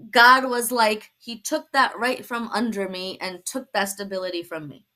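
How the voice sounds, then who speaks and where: A young woman from Brooklyn, telling her conversion story as a guest, animated and laughing often. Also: medium pitch, normal speed. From Brooklyn, New York. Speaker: guest sharing testimony. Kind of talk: personal testimony in a talk show.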